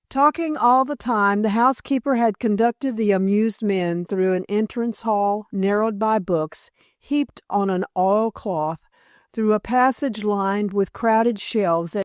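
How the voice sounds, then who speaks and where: In studio-quality audio with no room sound, a female audiobook narrator works through a scripted reading of a classic mystery novel. She keeps a measured, even pace in a mid-range voice.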